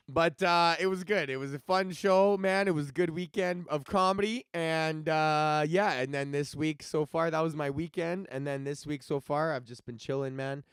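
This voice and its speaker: A man with a fairly high voice hosts his own comedy podcast and rants casually with plenty of swearing. His voice is smooth and resonant and sounds close to the mic in a dry, dead room. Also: normal speed, no room sound. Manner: profane, animated storytelling with acted-out quotes. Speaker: podcast host and stand-up comedian.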